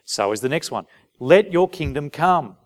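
Delivering a sermon at a moderate pace, this man speaks in a voice on the high side. His animated style includes rhetorical questions aimed at the audience and little dialogues he acts out.

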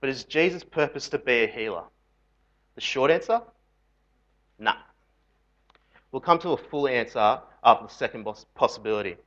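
A man giving a lively, jokey sermon to a youth group, full of rhetorical questions. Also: medium pitch, normal speed, pauses often. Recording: dull lo-fi recording.

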